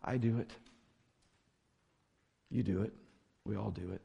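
A man delivers a sermon in a gravelly voice with a husky edge. He speaks earnestly, swelling with force as he reads scripture aloud and settling lower as he reflects. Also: steady tone, a little slow, mellow, in a large hall, lo-fi sound. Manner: earnest, rising to emphatic when reading scripture. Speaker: pastor.

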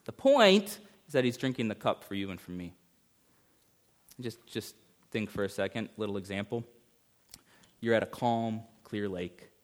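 A man preaching a sermon as pastor, emphatic, swinging between urgent rises and hushed passages. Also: lowish voice.

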